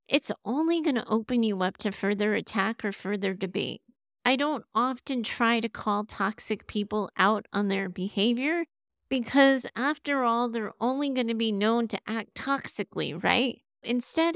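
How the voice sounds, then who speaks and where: A woman's voice: on the high side, clear, resonant tone, no room sound, studio quality. A woman hosting an advice podcast, talking straight to her listeners with the odd laugh. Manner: warm direct advice, speaking straight to listeners; laughs now and then. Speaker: podcast host.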